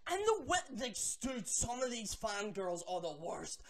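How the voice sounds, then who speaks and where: A man rants to his camera about wrestling fans. He is animated and profane, tossing in mocking asides and quick restarts. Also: high-pitched. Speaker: wrestling vlogger. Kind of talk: ranting commentary.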